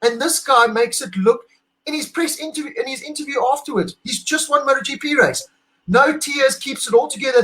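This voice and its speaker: Middle-aged south african guy, high voice, gushing and emotional, co-hosting a chat. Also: a little fast, sharp tone, poor audio. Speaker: podcast co-host. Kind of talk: excited casual chat.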